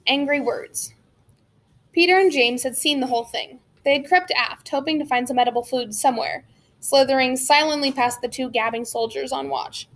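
High-voiced woman reading a novel aloud. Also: moderate pace. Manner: steady storytelling with occasional slips and restarts. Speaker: audiobook narrator.

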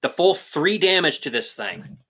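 A man's voice: a little high, big pitch swings, unhurried, sharp tone, husky. A man running a tabletop role-playing game as game master, narrating the action and explaining rolls patiently.

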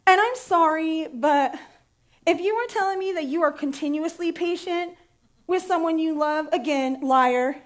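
Woman preacher, pretty high voice, talks real candid and jokey, gets emotional telling her story. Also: measured pace. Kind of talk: sermon with personal story.

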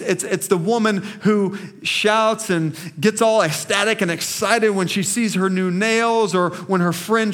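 A man's voice: high voice, a bit bright. A man preaching a sermon as pastor to a small congregation in a church, emphatic and impassioned, calling out to the people.

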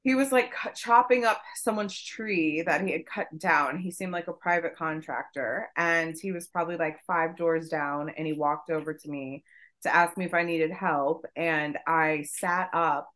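A woman co-hosting a podcast, telling a story in casual chat, profane and animated. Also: low voice, normal speed. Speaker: podcast co-host.

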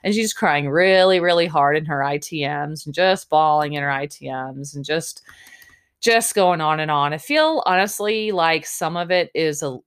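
A woman's voice: low voice, animated, moderate pace, clear, resonant tone. A young woman hosting a podcast, giving a chatty, snarky recap of a reality show. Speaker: podcast host.

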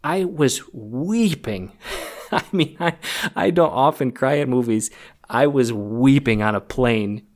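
A man co-hosting a film podcast, talking in a halting, emotional way and choking up as he recalls a scene. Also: medium pitch. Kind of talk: casual film discussion.

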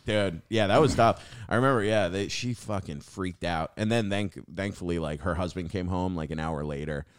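A deep-voiced young man spins a rambling, swear-heavy story and calls everyone "dude". He sits close to a podcast mic in a dry, dead room. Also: normal speed, hardly any pauses, clear, resonant tone, dry recording. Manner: profane, says "dude" constantly. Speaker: guest comedian.

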